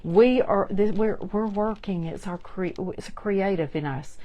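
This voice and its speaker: A woman's voice: mid-range voice, measured pace, muffled recording, slight background noise. A woman hosting a chatty live crafting demonstration, talking straight to her viewers. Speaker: craft tutorial host.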